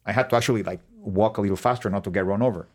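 A middle-aged Mexican man with a Mexican accent, a podcast guest who tells animated stories, acting out quotes and swearing freely. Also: very fast. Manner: expressive, acts out quotes with big pitch swings, swears freely. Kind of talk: animated storytelling in conversation.

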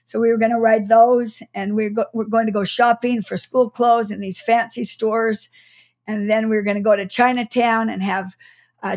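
A middle-aged woman with a fairly high voice tells a story from her childhood as a guest in an interview. She is reflective and warm, pausing to restart her sentences and laughing softly now and then. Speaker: guest author.

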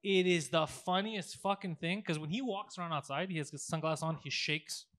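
A man in a casual podcast chat, telling crude, animated stories and acting out the people in them. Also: on the high side, normal speed.

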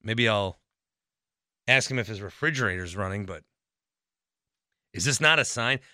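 A man's voice: fairly low pitch, expressive, moderate pace, pushed and bright, no echo, studio quality. A man hosting a sports podcast, ranting in an exasperated, rambling way and swearing often. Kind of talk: ranting monologue.

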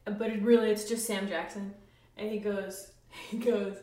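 A woman's voice: medium pitch, fairly even intonation, moderate pace, recorded from a distance. A woman answering as a comedy panelist, hesitant and giggly. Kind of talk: comic improv answers. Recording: echoey room with background noise.

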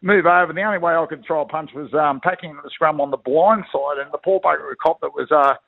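A middle-aged Australian man who once played rugby league tells rambling, blokey stories as a guest in a phone interview. His voice is on the high side, fast and creaky. The phone line sounds tinny.

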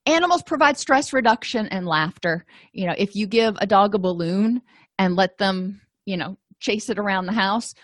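Woman, counseling lecturer: chatty and explanatory, mid pitch, dry close recording. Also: animated, normal speed, no room sound. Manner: conversational, explains with everyday examples and asides. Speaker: counselor and podcast host. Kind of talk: recorded continuing-education lecture.

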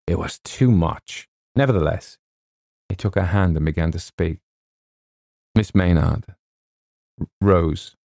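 Deep gravelly guy reading a funny story, measured and wry. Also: darkish tone, dry recording, clean studio sound. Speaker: audiobook narrator. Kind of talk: scripted narration.

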